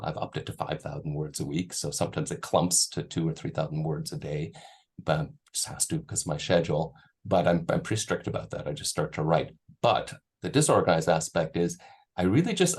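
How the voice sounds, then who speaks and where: A middle-aged author talks about his writing in a relaxed, rambling way, full of small fillers. His voice sits low and has a strong gravelly fry. He then reads his novel aloud. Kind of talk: panel talk and reading from his novel.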